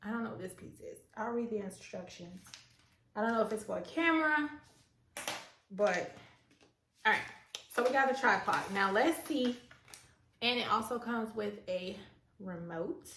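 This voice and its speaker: A woman chatting excitedly to her viewers while setting things up at home, talking herself through each step. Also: mid-range voice, unhurried, long pauses. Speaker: small business owner and stay-at-home mom. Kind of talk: casual vlog chat. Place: at home, indoors. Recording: roomy echo, faint background noise.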